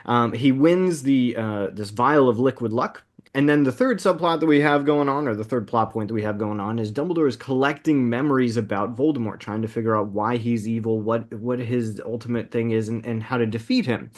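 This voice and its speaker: A man in his thirties co-hosting a casual movie podcast, upbeat and laughing often as he recaps the plot at a quick clip. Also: medium pitch. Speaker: podcast co-host.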